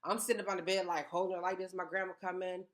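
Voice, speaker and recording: Woman, 30s, slightly low voice, emphatic casual storyteller. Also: very fast. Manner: animated, emphatic, repeats words for effect.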